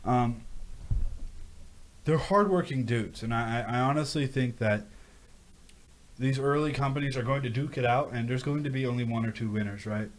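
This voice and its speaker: A man chats casually on a livestream from his home setup, his voice at an ordinary middle pitch. He rambles and breaks into animated rants, repeating words for stress, and he drifts off the mic now and then. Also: moderate pace, pauses often. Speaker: crypto livestream host. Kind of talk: casual livestream chat reading viewer questions.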